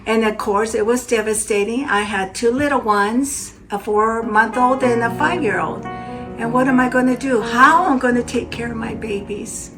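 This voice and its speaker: A woman's voice: on the high side, moderate pace, a bit bright, soft background music. An older woman giving an earnest, heartfelt account of her own life in an interview. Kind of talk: personal testimony.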